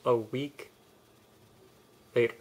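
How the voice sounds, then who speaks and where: A young man telling a personal story in a candid, rambling vlog, often restarting his sentences. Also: takes it slowly. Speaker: vlogger.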